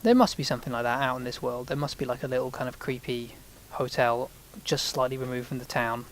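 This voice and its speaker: A man's voice: medium pitch, a little fast, a little hiss or hum. Rambling man narrating his gameplay. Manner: rambling, self-mocking asides. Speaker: gaming channel host. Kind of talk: casual let's-play commentary.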